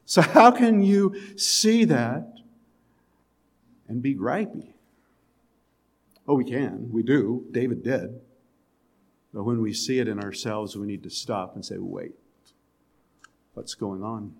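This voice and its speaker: Guy preaching, talks to the congregation casually, goes quiet for emphasis, chuckles now and then. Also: mid-range voice, expressive, slow pace, long pauses. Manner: conversational preaching, drops to soft emphatic lines, occasional chuckles. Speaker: pastor. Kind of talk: sermon.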